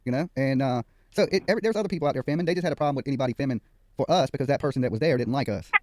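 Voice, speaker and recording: A man's voice: medium pitch, very fast, darkish tone, dry recording. A man hosting a livestream in casual chat, joking, laughing often and swearing freely. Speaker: livestream host.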